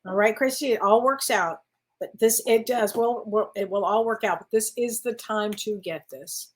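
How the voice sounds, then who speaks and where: A woman's voice: on the high side, moderate pace. A woman working as a spiritual medium, giving card readings in casual, affectionate chat and calling listeners honey.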